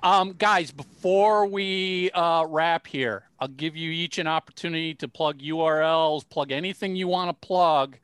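A man's voice: a little high, unhurried, hardly any pauses, clean tone, no room sound. Upbeat man hosting a podcast. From Minnesota. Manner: animated, jokey storyteller. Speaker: podcast host. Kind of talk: casual podcast chat.

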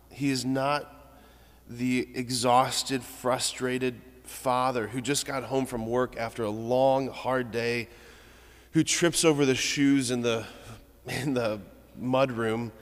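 A man's voice: mid-range voice, big-room sound. A man giving a conversational, reflective homily as a preacher in a church.

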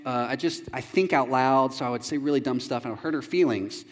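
A man preaching a sermon as a pastor, animated and jokey, acting out quotes with big jumps in pitch. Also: a little fast, hardly any pauses, big-room sound, soft background music.

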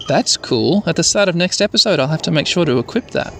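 A man's voice: fairly high pitch, animated, quick pace, fairly bright tone. A man hosting an easygoing, rambling let's-play commentary meant for sleep. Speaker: host. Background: faint music.

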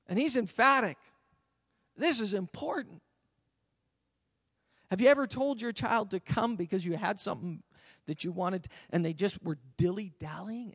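A man preaching a sermon as pastor, swinging from loud emphatic calls to quiet conversational asides. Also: sits high, normal speed, no echo, studio quality. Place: church sanctuary.

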